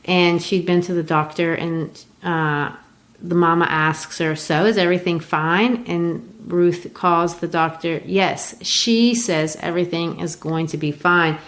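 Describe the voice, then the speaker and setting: A woman from Brazil hosts a casual literature podcast, talking through a play in a chatty, explanatory way. Her voice sits slightly low, and she often restarts her sentences as she thinks aloud. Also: steady tone, slow, fairly bright tone. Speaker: podcast host.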